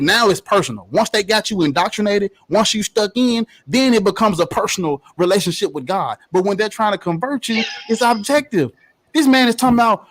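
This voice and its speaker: Husky, high-voiced man arguing hard. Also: animated, a little fast, a bit bright. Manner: profane, emphatic, preachy. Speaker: debate panelist. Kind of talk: heated debate argument.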